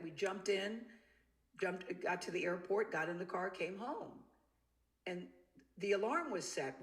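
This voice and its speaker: A woman telling a personal story in an interview clip, acting out the voices she quotes. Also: on the low side. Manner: animated, acts out the quoted voices. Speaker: interview guest.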